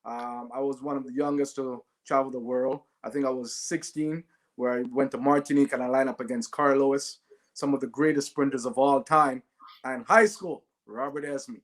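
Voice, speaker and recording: A man's voice: medium pitch, moderate pace. A man, a guest telling stories in an interview and often adding "right?". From Jamaica. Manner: animated, often adds "right?". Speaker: guest, former Olympic sprinter. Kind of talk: storytelling in a podcast interview.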